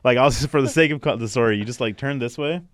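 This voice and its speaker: A man's voice: medium pitch, fast talker, dry recording, studio quality. A man co-hosting a podcast in casual chat, laughing often and acting out other people's lines. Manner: laughs often while telling stories. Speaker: podcast co-host.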